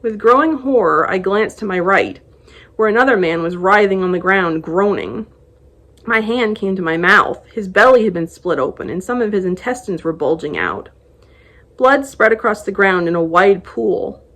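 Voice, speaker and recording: A woman's voice: medium pitch, moderate pace. Woman reading a novel excerpt aloud. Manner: expressive first-person storytelling. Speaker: book blogger.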